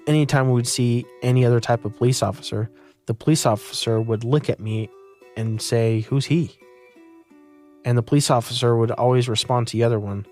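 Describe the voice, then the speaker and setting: A man's voice: medium pitch, a little mellow. Young man telling a gripping personal story. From Utah, United States. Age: young adult. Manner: vivid, earnest storytelling. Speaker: interviewee.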